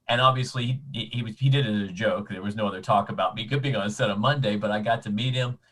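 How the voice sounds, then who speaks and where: A man chatting casually as a convention guest, telling animated anecdotes with frequent restarts. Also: lowish voice, quick pace, poor audio. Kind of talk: casual storytelling chat.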